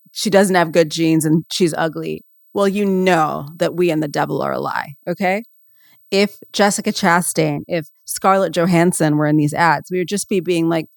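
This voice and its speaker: Low, gravelly woman podcast host. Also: no echo, clean studio sound. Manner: rambling, sarcastic, many fillers. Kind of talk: casual comedic pop-culture chat.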